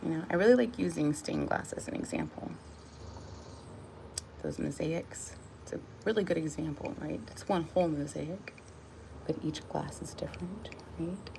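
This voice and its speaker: Low-voiced and creaky, a woman vlogger talks at a moderate pace with big pitch swings against a noisy background. She muses casually about what she thinks, then reads a short devotional aloud, meandering, laughing softly, and restarting as she goes.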